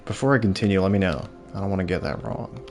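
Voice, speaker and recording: Chill young guy streaming games, kinda low voice, rambly, faint music behind. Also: fast. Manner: rambling, laid-back, reads chat aloud. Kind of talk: casual live-stream chat while gaming.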